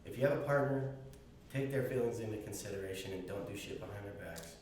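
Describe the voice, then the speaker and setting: A man's voice: fairly low pitch, quick pace, darkish tone. Laid-back man in an echoey room. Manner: laid-back, rambling, swearing. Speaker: podcast co-host. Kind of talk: crude comedic podcast banter. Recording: echoey room, distant mic, faint hiss.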